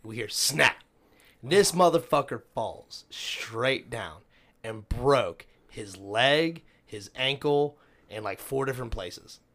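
A man in casual podcast chat, swearing a lot as he tells a story. His pitch swings widely, rising high as he acts out people yelling. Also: slow pace. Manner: profane, animated storyteller. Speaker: podcast guest.

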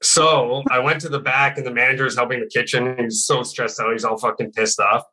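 A man's voice: medium pitch, steady tone, brisk, pushed and bright, low-quality recording. A man in casual chat telling a long story, rambling with many fillers and swearing freely. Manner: rambling, heavy on "like", swears a lot.

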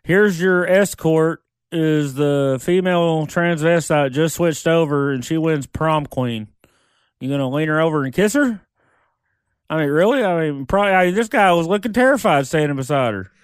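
A blunt, opinionated man guesting on a casual podcast, swearing freely. His voice sits somewhat high for a man and comes through smooth and resonant. The sound is dry and close, with no room around it. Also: expressive, normal speed, no echo. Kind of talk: casual chat.

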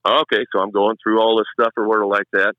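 A man's voice: on the low side, quick pace, no room sound, dull audio. A middle-aged man, a longtime race track announcer, telling stories in a casual chat and acting out what people said. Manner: animated storyteller, acts out quotes.

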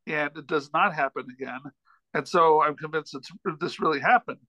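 High, bright-voiced man telling a rambling story. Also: dry recording, rough recording. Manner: rambling, animated anecdote with frequent restarts. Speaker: podcast guest, comedian and author. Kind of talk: casual storytelling in a chat.

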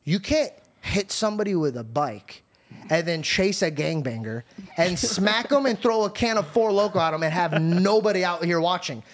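Young man, podcast host, high voice, very lively pitch, swears freely, casual storyteller. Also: moderate pace. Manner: animated, swears freely, acts out quotes.

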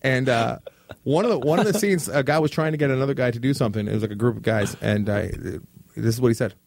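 Man, podcast co-host, fast gravelly banter, dry close mic. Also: medium pitch, no echo. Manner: animated, joking, mock outrage. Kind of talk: casual banter.

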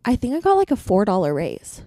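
A woman's voice: medium pitch, huge pitch swings, a little fast, mellow, no room sound. A woman co-hosting a podcast in casual chat, telling stories and acting out what others said. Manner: chatty storyteller, acts out quoted lines. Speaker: podcast co-host. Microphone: podcast microphone.

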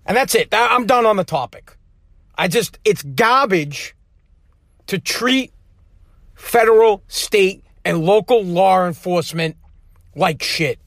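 A man's voice: high voice, expressive, slow pace, long pauses, fairly bright tone, dry recording, studio quality. A man hosting a show, delivering a heated, profane monologue with lots of repetition. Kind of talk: angry ranting monologue.

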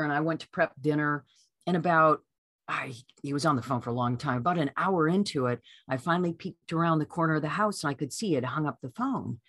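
Lively woman telling a personal story. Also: deep voice, no echo, studio quality. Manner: lively storyteller who acts out quoted voices. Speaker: author guest.

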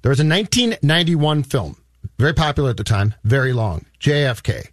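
A man co-hosting a movie podcast who builds his argument with film examples, pausing on a few halting restarts. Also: medium pitch, expressive, no echo, studio quality. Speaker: podcast co-host.

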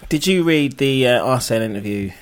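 A man co-hosting a casual football chat, halting and repeating his words. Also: medium pitch, lively intonation, clean tone. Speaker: football podcast co-host.

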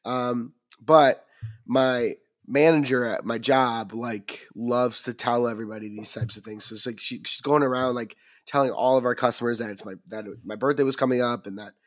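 A man co-hosting a film podcast, his voice a bit raspy and tired from a cold, rambling with lots of ums and restarts. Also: medium pitch, fairly even intonation, normal speed. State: recovering from a cold. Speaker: podcast co-host. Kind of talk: casual chat.

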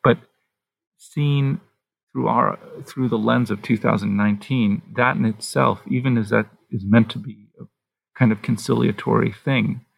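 Gravelly, husky man talking haltingly. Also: mid-range voice, fairly even intonation, no room sound. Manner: halting, thinks aloud with many pauses and restarts. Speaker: author being interviewed. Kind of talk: thoughtful conversational interview.

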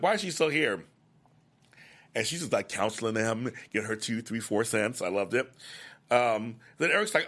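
A man hosting a soap opera after-show, excitedly recapping the week's episodes in a gossipy, chatty way and acting out the characters' lines. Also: mid-range voice.

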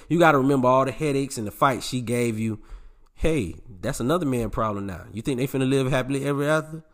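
A male podcast host talks in a casual, blunt monologue at a middle pitch. He lectures his male listeners directly and doesn't soften anything, and he swears as he gets more raw.

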